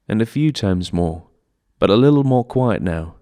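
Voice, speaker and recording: A man's voice: fairly low pitch, lively intonation, moderate pace, a little mellow. A man performing a one-man stage monologue, telling it in a plaintive, childlike way. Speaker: solo stage actor. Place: theatre stage.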